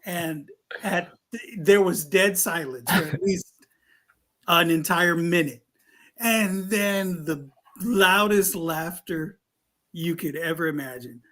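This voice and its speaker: A man co-hosting a live studio chat, telling a customer-service story in a casual, animated way and acting out a caller's voice. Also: fairly high pitch, slow. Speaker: co-host.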